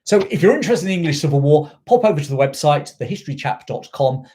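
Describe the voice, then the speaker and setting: A middle-aged man raised in South Africa hosts a history channel, talking quickly in a fairly high, expressive, warm voice. The live chat is casual and rambling, packed with digressions and fillers.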